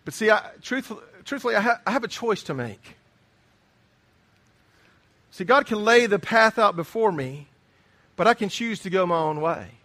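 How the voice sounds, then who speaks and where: A man's voice: sits high, expressive, moderate pace, pauses often, bright, forceful tone. A middle-aged man preaching a sermon, earnest and emphatic, often repeating his key phrases. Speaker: pastor.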